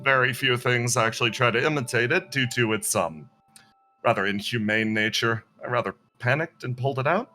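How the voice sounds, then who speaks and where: A man's voice: mid-range voice, bright, forceful tone. A man voicing a fussy, proud female AI partner spirit who rambles and apologizes in flustered asides.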